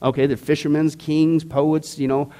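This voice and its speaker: Bible class teacher, a man with a somewhat high voice, informal and emphatic, quizzes his group. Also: flat delivery, normal speed, dark tone. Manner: emphatic, joking, asks the class questions.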